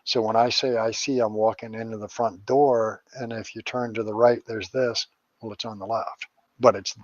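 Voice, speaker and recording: A middle-aged man talks as a guest in an interview, rambling from one story to the next and dropping crude jokes and swear words. His voice sits at an ordinary pitch. The recording is dry and dull. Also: no echo. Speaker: psychic medium and paranormal investigator guest.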